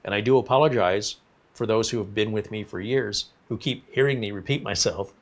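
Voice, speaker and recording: A man's voice: fairly low pitch, brisk. A man hosting a casual livestream, talking in a rambling, apologetic way and reading viewer comments aloud. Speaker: livestream host.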